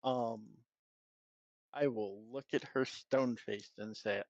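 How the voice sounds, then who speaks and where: A man playing a tabletop game, talking in a relaxed, hesitant way. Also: medium pitch, measured pace, no room sound, highs cut off. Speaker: player.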